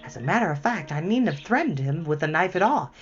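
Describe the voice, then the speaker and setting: Man voicing a spirited young girl, high and fast, storybook reading, slightly muffled lo-fi. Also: big pitch swings, faint music behind. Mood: excited. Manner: high, fast, breathless pleading. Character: brave spirited young girl, quick and excited.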